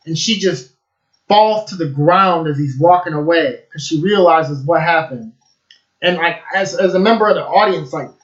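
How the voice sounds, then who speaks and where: A man's voice: a little high, reverberant, highs cut off. Rambling, enthusiastic film reviewer man. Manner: enthusiastic, rambling, heavy use of fillers. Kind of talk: casual spoken film review.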